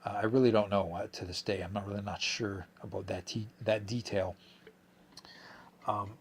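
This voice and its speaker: A man's voice: fairly low pitch, fairly even intonation, moderate pace, vocal fry, slight background noise. A young man hosting a podcast, telling a story in a rambling, profane way, a bit drunk and slurring. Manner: rambling, profane, with many fillers and restarts. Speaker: podcast host. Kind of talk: casual storytelling monologue.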